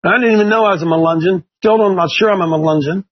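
A man from Ohio leads a Bible class in a chatty, folksy sermon, pressing his listeners with one question after another. His voice sits unusually high and sounds husky. The recording is muffled and lo-fi. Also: rapid-fire.

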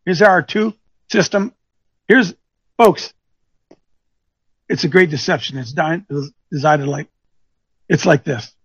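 Man, coach type, husky, animated lecturer who quizzes listeners, dull muffled recording. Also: on the high side, slow pace, long pauses, dry recording. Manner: animated and teasing, quizzes listeners, thinks aloud. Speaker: coach speaking to an audience. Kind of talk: lecturing talk with rhetorical questions.

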